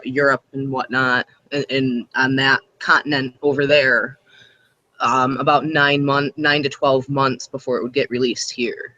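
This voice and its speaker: Bright, long-winded man chatting. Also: medium pitch, no echo, muffled recording. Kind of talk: casual chat.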